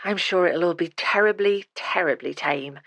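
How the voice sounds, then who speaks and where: A woman voicing a flirtatious single mother with a breathy, coaxing manner, as a storybook character. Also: lowish voice, moderate pace, a bit bright, no room sound. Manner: coaxing, playful.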